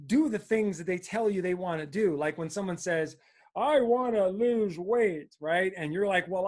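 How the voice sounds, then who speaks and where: An enthusiastic male coach speaks straight to his viewers, pushing them to grow. His voice sits high for a man, and he keeps tossing in "right?" as he builds up steam. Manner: energetic, fired up, frequent "right?". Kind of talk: motivational talk to camera.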